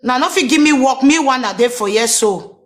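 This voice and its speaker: A woman's voice: high voice, animated, moderate pace. Nigerian woman hosting in an echoey room. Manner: pleading, flustered, code-switching. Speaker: live-stream host. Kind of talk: casual live-stream hosting.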